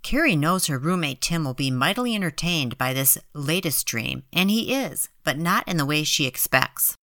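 A woman hosting a podcast, reading scripted narration and an appeal to listeners in a smooth, teasing way. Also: deep voice, lively intonation, moderate pace, pushed and bright, no echo, clean studio sound. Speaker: podcast host. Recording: narration over faint background music.

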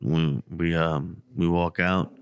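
A man co-hosting a podcast, telling a story in casual, profane, animated chat. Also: takes it slowly, smooth, no room sound, studio quality. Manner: animated, profane, gets loud and high when acting out the story. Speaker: podcast co-host.

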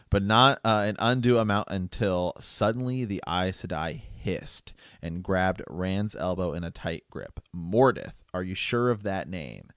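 A man's voice: low-pitched, a bit bright, smooth, no room sound, clean studio sound. A man co-hosting a book discussion, chatting and reading passages aloud with frequent laughs. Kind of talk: casual chat reading aloud from a novel.

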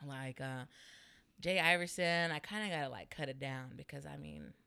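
With a low, gravelly voice and a sharp yet clear, resonant tone, a woman in her twenties speaks at a moderate pace. She's a stand-up comedian telling a story in a casual interview, laughing a lot and leaning on "like" fillers. The studio sound is clean, with no echo.

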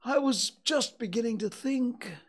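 A man voicing a gentle, gloomy teddy bear in a storybook reading, slow and anxious. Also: extremely high pitch, voice pushed up, exaggerated voice.

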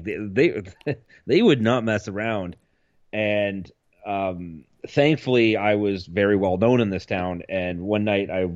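Low-voiced man telling a rambling story. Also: no echo, highs cut off. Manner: rambling storyteller, laughs often, swears. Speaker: podcast co-host. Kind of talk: casual chat.

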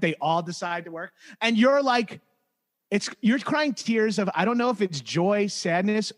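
Excitable male podcast co-host, high voice, profane and animated. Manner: excited, profane, mimics lines. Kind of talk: casual movie discussion.

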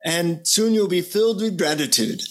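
A man's voice: sits high, big pitch swings, moderate pace, a bit bright. A man voicing a wise male Indian guru with an Indian accent, speaking in a solemn, patient, instructive way. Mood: correcting. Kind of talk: storytelling impression.

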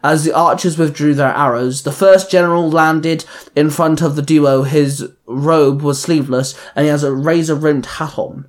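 A man's voice: a little high, steady tone, normal speed, hardly any pauses. A man narrating a superhero fan fiction story in a plain storytelling manner. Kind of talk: reading fan fiction aloud.

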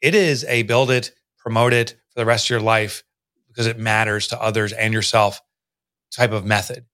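A middle-aged man from the United States, a business author speaking as a podcast guest, telling his story in a lively way and acting out the voices of people he quotes. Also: on the low side, moderate pace. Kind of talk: conversational storytelling.

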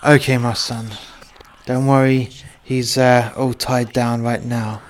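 A man doing a hushed, solemn priest. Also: medium pitch, level tone, lightly acted. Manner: slow, hushed, calls others "my son" and "my child". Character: solemn middle-aged male exorcist priest. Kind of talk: amateur comedy horror acting.

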